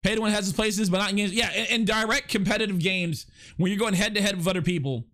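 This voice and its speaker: A young man with a high-sitting, fairly bright voice and a quick pace hosts his first live podcast and stream. He chats casually and rambles, stammering as he reads out viewers' chat messages and responds to them.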